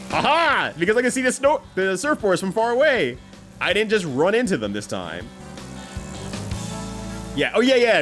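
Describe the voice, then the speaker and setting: A man's voice: medium pitch, a bit bright. A young man streaming a racing game, chatting casually with viewers, swearing freely and laughing often.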